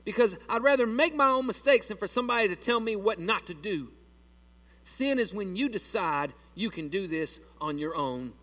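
Folksy high-voiced preacher. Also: male voice, expressive, moderate pace, a bit bright, far from the mic. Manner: folksy, conversational, asks the congregation questions. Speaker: pastor. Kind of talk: sermon.

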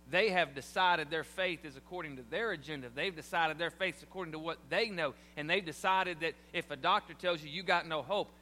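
A man's voice: high voice, bright, forceful tone, in a large hall. A man preaching a sermon in a church, talking conversationally with humor and asides to the congregation. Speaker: pastor. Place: church sanctuary.

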